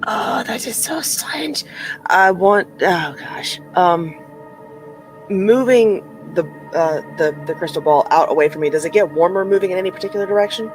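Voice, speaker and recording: A player in a tabletop role-playing game, talking in a chatty, easily excited way. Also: medium pitch, normal speed, faint music behind, rough recording.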